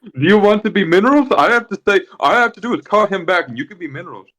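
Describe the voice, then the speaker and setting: A man's voice: sits high, animated, racing, background noise. A man voicing a pompous, self-proclaimed chosen one woman in a bad put-on Russian accent, who talks in a boastful, bossy way. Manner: boastful, bossy, mock-menacing.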